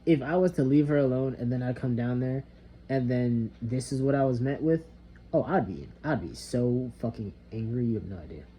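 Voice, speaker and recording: A man's voice: mid-range voice, moderate pace, mellow. Frustrated young man venting, rambling. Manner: rambling, frustrated, heavy swearing, trailing off. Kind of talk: casual monologue vent. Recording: slightly dull lo-fi recording with faint background noise.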